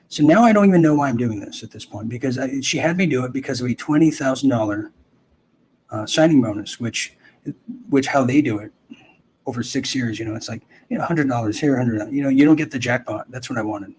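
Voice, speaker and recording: A man's voice: medium pitch, darkish tone, a little hiss or hum. A man in his thirties hosting, telling a personal story in a rambling way with many restarts and asides. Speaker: host. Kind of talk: casual storytelling.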